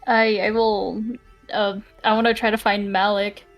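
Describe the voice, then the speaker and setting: A woman's voice: mid-range voice, flat delivery, measured pace, dull audio. A woman player in a casual tabletop game, speaking hesitantly and stopping to think mid-sentence. Faint music plays in the background. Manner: hesitant, lots of fillers.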